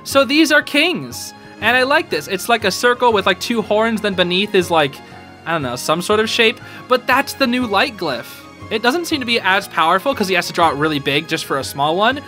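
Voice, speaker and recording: High, bright-voiced excited young man. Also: normal speed, soft background music. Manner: excited, slangy, says dude and bro; emotional, a little teary. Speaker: YouTube show reviewer. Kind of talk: casual episode reaction.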